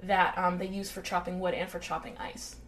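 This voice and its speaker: A podcast co-host with a lowish voice tells a true-crime story casually and fairly quickly, swearing and acting out quotes in an animated way. There's slight background noise.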